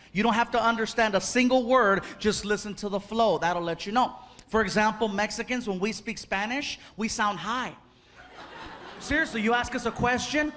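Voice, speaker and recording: High-voiced man doing stand-up. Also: in a large hall. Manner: animated, puts on loud shouty Spanish-speaking voices. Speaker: stand-up comedian. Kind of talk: stand-up comedy routine. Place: large theater stage with a live audience. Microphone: stage microphone. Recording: live theater show with loud crowd noise.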